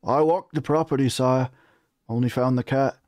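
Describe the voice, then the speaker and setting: A timid common messenger who stumbles over his words and bows to his lord, pitched noticeably higher than the reader's own voice, as a man puts him on. The sound is dry and close, with no room around it. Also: steady tone, normal speed, darkish tone, no room sound, lightly acted. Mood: nervous, apologetic. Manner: stammering, deferential. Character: nervous common male messenger, stammering and humble.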